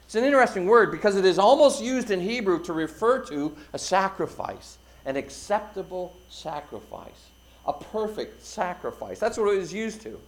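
A middle-aged man preaches from the pulpit in a fairly high voice. He pushes phrases out with force, then lets them sink to a near hush. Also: moderate pace. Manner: expressive preaching, swelling loud then dropping quiet. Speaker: pastor. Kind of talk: sermon.

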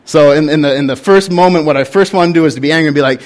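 A man's voice: a little high, rapid-fire, few pauses. A young man, a pastor, preaching a sermon and telling a candid story in an earnest way.

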